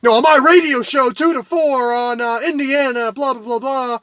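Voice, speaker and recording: A man's voice: extremely high pitch, fairly even intonation, normal speed, sharp tone, no room sound. A man doing a mocking impression of a rambling, self-promoting male ex-coach radio commentator. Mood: mocking drone.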